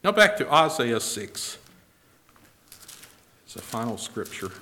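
A man preaching a sermon, swinging between loud declarations and low, quiet asides, and reading scripture in a slow, old-fashioned cadence. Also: sing-song, slight background noise.

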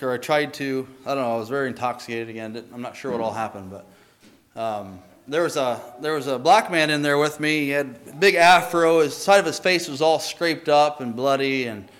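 A man telling his personal faith testimony in an earnest, halting way, often restarting his sentences. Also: mid-range voice, fairly bright tone.

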